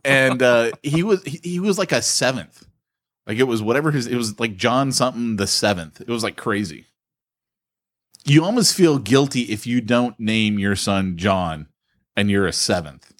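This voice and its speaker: A man with a mid-pitched voice co-hosts a podcast, trading wry jokes in casual banter. His delivery rises and falls with lively expression. The sound is dry, with no room echo. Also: normal speed. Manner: laughing, wry, jokey. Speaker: podcast co-host.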